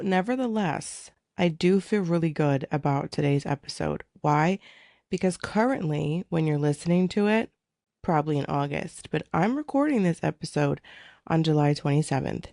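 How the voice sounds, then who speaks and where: Woman host, candid chatty delivery, mellow low voice, dry close mic. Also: vocal fry, no room sound. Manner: chatty, candid, swears freely. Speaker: podcast host. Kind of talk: casual chat. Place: her living room at home. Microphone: studio microphone.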